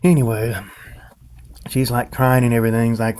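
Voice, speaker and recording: A man's voice: medium pitch, flat delivery, brisk, a little mellow, clean tone. A grown man vlogging, telling a nightmare in a loose, rambling way full of fillers and restarts. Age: adult. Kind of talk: rambling casual monologue.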